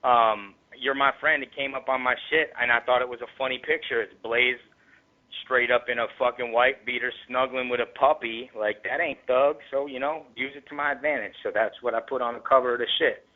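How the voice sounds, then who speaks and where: A man's voice: medium pitch, steady tone, brisk. Rapper interview guest from the Tampa Bay area, a man with a mid-range voice, heated profane storytelling, phone-quality audio. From Tampa Bay area, Florida. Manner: heavily profane, streetwise slang; grows heated and louder. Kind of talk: casual storytelling. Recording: tinny phone-line recording.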